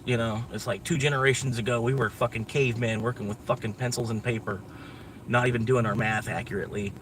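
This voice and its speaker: American guy vlogging from his car, loose and foul-mouthed, mid-pitched voice, faint road noise behind. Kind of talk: casual rambling chat. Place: inside a moving vehicle.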